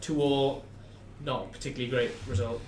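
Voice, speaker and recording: A man hosting a sports podcast, presenting in a brisk, upbeat way. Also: medium pitch, fairly even intonation. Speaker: podcast host. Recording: echoey room, faint noise.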